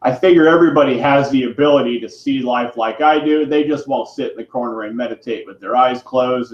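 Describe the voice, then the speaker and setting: Ranting man in a roomy, dull recording. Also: mid-range voice. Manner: irate, preachy, swears for emphasis. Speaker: vlogger. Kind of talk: ranting monologue to camera.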